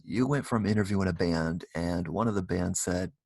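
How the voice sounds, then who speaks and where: Man, talk show host, low gravelly voice, husky, rambling with fillers. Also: moderate pace, darkish tone, dry recording. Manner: rambling, many "you know" fillers. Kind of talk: casual interview.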